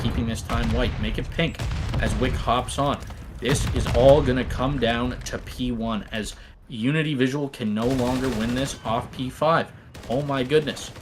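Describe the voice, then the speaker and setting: Excitable male esports play-by-play caster. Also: mid-range voice, background noise. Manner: rapid excitable calls, rising to shouts at big plays. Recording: game gunfire audible behind the voice.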